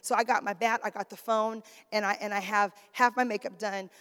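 A middle-aged woman preaching a sermon, swinging from shouted exhortation to quiet, chatty storytelling. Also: medium pitch, steady tone, a little fast, smooth. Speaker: preacher, pastor's wife. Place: church sanctuary. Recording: long reverb of a church hall.

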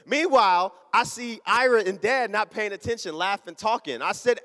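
Male preacher, high voice, animated storyteller, long sanctuary reverb. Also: normal speed, few pauses. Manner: animated storytelling, call-and-response. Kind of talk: sermon. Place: church sanctuary.

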